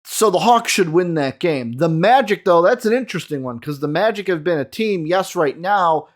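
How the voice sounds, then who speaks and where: Give me a young man talking sports casually to his viewers, with a slightly high voice. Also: expressive, normal speed. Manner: chatty, lots of fillers, talks to viewers. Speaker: sports show host. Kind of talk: casual solo basketball commentary.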